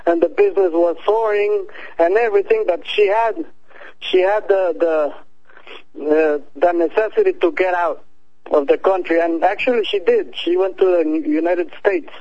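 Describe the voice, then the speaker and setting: High-voiced man, hesitant. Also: normal speed, no echo, muffled recording. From El Salvador. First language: Spanish. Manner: hesitant, searching for words. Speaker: guest. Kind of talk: casual remote chat.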